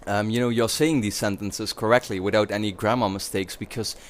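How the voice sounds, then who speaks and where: A man's voice: fairly low pitch, steady tone, a little fast. A young man from the Netherlands with a Dutch accent, rambling casually to his viewers with many fillers and restarts. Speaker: YouTuber.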